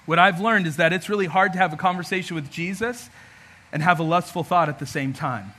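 A man preaching a sermon as pastor, animated and humorous, acting out everyday scenes. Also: sits high, brisk, a little hiss or hum.

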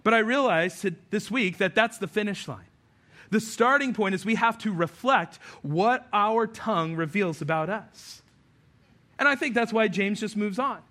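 High, bright-voiced man preaching a sermon. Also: expressive, normal speed. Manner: earnest, conversational preaching with self-deprecating asides. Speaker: pastor.

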